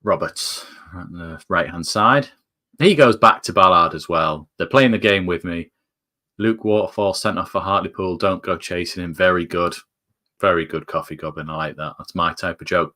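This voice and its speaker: A man's voice: deep voice, moderate pace, pushed and bright. A man with a northern English accent giving jokey live fan commentary on a football match, his voice climbing with the action. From northern England. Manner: chatty, jokey, rises sharply with the play.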